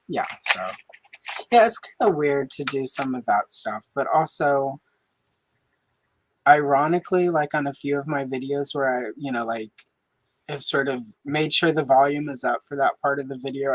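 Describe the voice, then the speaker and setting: A woman's voice: very deep voice, noisy background. Chatty, self-deprecating woman host. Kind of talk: casual live-stream chat.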